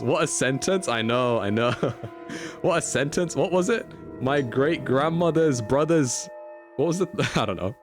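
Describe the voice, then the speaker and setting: A man's voice: medium pitch, animated, normal speed, soft background music. Playful man chatting on a game stream. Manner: chatty and playful, laughs a lot. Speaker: livestreamer. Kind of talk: casual game-stream chat.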